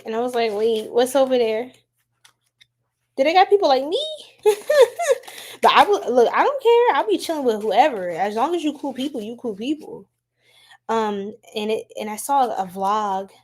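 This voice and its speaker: Casting: a higher-voiced American woman, a chatty livestream tarot reader who laughs a lot. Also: moderate pace. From United States. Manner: chatty and animated, laughs often, addresses viewers. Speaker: tarot reader hosting a live stream. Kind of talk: casual live-stream tarot reading.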